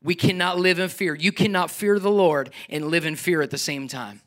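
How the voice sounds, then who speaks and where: High, bright-voiced animated preacher man. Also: normal speed. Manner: animated preaching, swings between loud exhortation and quiet asides. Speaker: pastor. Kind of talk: sermon.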